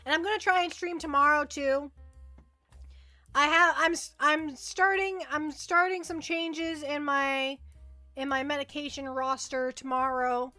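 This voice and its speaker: Chatty woman livestreamer, bright voice. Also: high-pitched, fairly even intonation, measured pace, faint music behind. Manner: rambling, repeats words, reads and answers chat. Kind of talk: casual chat with live chat.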